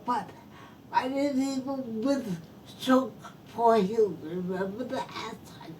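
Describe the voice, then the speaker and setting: A woman host whose speech is slow and halting after a stroke, often repeating words as she works through a question. Her voice sits fairly high and she talks at an unhurried crawl. She is heard from a distance, with a low rumble of noise underneath. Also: darkish tone. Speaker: podcast host and interviewer. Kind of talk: interview. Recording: distant mic with background noise.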